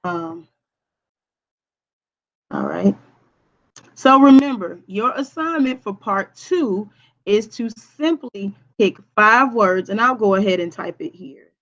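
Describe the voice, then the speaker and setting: A woman's voice: mid-range voice, animated, takes it slowly, long pauses, a bit bright, dull audio. A woman teacher walking students through a recorded grammar lesson, patiently checking understanding with frequent okays. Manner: hums to herself while typing on screen.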